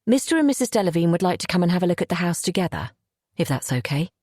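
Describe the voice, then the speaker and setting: A woman voicing a polite young male estate agent in an audiobook, speaking briskly and courteously. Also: lowish voice, sing-song, darkish tone, no room sound, clean studio sound.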